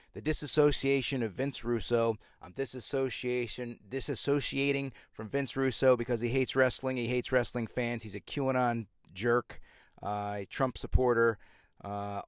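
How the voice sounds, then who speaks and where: A man's voice: medium pitch, clean tone, no echo, clean studio sound. A man hosting his own show, talking in a casual, rambling monologue, sarcastic and full of restarts. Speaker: radio show host.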